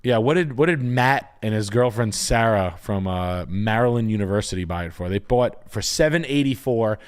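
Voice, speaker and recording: A man's voice: fairly low pitch, animated, moderate pace, clean tone. A young man, a realtor hosting a live stream, chatting casually in a crude, rambling, jokey way.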